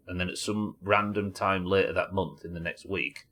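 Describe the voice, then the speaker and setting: A man's voice: low voice, steady tone, normal speed, a bit bright. A British man commenting on a horror game as he plays it live, musing aloud, reading notes and chatting with viewers. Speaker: streamer.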